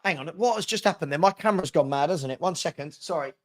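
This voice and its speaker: A chatty man with a slightly high voice runs a live football stream, reading viewer comments aloud and replying in a rambling way. He talks at a quick pace and often restarts sentences, repeating words partway through.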